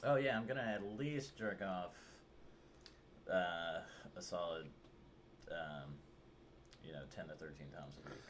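A man's voice: sits low, measured pace, pauses often, slight background noise. A man co-hosting a podcast, talking hesitantly with many ums and dry remarks. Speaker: podcast co-host. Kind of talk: casual podcast chat.

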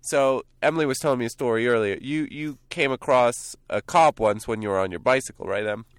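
A young man from New Jersey hosts a loose, joking podcast chat, recorded outdoors with a close, dry sound. He talks at an easy mid pitch and rambles through stories with plenty of fillers. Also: brisk, no room sound. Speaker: podcast host. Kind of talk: casual chat. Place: outdoors by a canyon overlook.

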